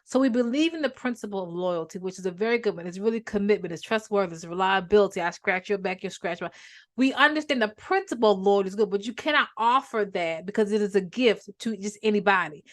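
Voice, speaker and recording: Brisk, chatty woman therapist. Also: mid-range voice. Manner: brisk and conversational, with many restarts and lively storytelling. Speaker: therapist and speaker. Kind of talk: teaching talk to listeners.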